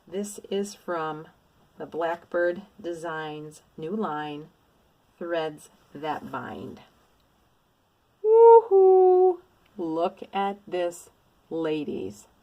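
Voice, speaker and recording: A middle-aged woman talks casually to her viewers about cross-stitch finds. Her voice sits a little low. She gushes and exclaims with plenty of enthusiasm. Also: very slow, darkish tone, dull audio. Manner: gushing, effusive, exclamatory. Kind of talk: casual show-and-tell haul.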